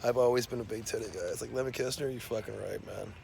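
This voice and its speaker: Gravelly man in a rambling rant. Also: mid-range voice, steady tone, fast, darkish tone, a little hiss or hum. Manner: profane, filler-heavy, rambling. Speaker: self-described scientist.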